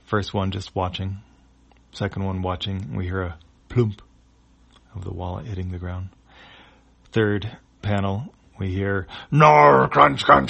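A man with a low, gravelly voice talks through a comic strip panel by panel. His read is loose and unscripted, with hesitations and restarts. He speaks in a casual, easygoing way. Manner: describes panels with fillers and restarts. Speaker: comic reader. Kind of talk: casual reading of a web comic.

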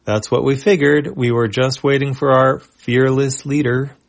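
A man's voice: mid-range voice, steady tone, measured pace, vocal fry, pitched above the performer's own voice. A man reading a dry, matter-of-fact young guy. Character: easygoing young man in a red sweater.

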